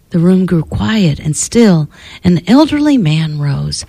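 A woman radio host reading a children's storybook aloud in a studio with an expressive delivery, then appealing to listeners. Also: fairly low pitch, slow pace, vocal fry, slightly rough, no room sound.

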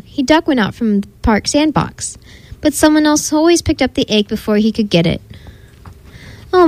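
A woman reading a children's picture book aloud with an expressive, sing-song storyteller delivery. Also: a little high, no echo, low-quality recording.

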